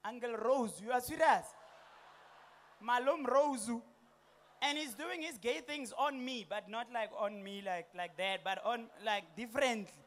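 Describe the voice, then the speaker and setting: South African stand-up, young man, very high pitch, animated delivery with slang and put-on voices. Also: a little slow. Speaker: stand-up comedian. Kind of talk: stand-up comedy set. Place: comedy stage before a live audience.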